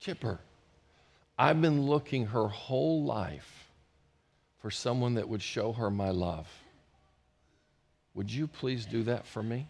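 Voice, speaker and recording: A man preaching, quietly voicing God as a gentle, pleading voice. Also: medium pitch, slow pace, gravelly, pauses often, pitched below the performer's own voice. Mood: tender. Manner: soft, hushed, pleading.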